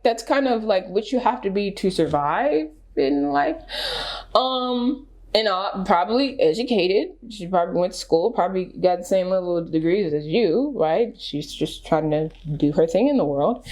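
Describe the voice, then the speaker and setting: A woman vlogger giving casual reaction commentary, emphatic and animated, full of rhetorical questions. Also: a little high.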